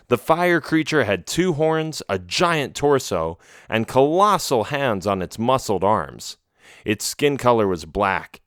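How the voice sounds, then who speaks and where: A man reading a children's adventure audiobook in a steady, measured way. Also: mid-range voice, no room sound, studio quality. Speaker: audiobook narrator. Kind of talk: storybook narration.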